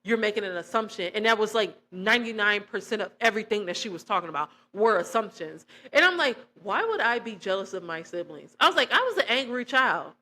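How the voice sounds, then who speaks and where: A young woman, telling a personal testimony in a casual, animated way and acting out quoted dialogue. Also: medium pitch, fairly quick, hardly any pauses. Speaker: vlogger.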